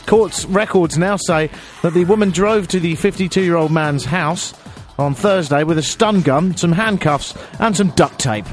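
A man hosting a radio show, telling a story in a chatty, animated, self-mocking way with bursts of silly high voices. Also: measured pace, faint music behind. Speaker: radio presenter.

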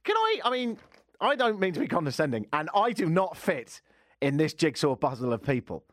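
A man's voice: on the high side, wildly swooping pitch, brisk, fairly bright tone, no room sound, clean studio sound. An English man hosting a radio show, telling a sarcastic, self-deprecating story in casual banter. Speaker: radio host.

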